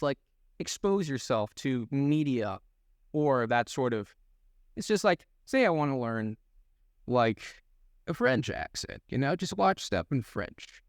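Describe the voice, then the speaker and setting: Animated young man co-hosting, dry close mic. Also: no echo. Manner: animated, laughing, quick swings in pitch. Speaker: podcast co-host. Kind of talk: casual chat.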